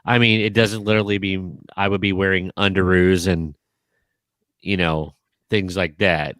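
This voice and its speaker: A man's voice: low-pitched, fairly even intonation, normal speed, a bit bright, no room sound, clean studio sound. A man around fifty co-hosting a podcast, reading out questions and often laughing. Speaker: podcast co-host leading a game segment. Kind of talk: casual chat.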